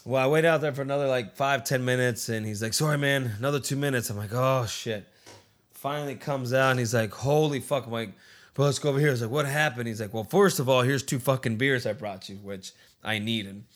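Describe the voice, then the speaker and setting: A man's voice: medium pitch, brisk. A man casually telling a long anecdote, rambling and swearing often, and acting out what his friends said. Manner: rambling, profane, acts out quoted friends. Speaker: storyteller.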